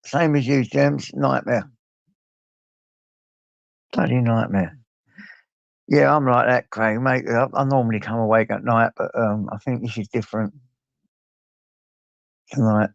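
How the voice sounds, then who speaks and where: A man's voice: mid-range voice, fairly even intonation, unhurried, vocal fry, long pauses, dry recording. An older man with an English accent hosting a late-night livestream, rambling and greeting viewers by name, swearing freely. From England. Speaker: livestream host. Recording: dull lo-fi stream audio.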